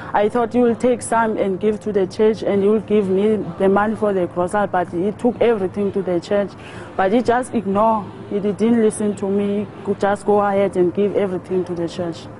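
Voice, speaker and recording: Woman, earnest testimony, warm mellow voice. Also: medium pitch, fairly even intonation, normal speed, slight background noise, rough recording. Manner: earnest, with stumbles and repeats. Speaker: wife giving testimony. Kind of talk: personal testimony.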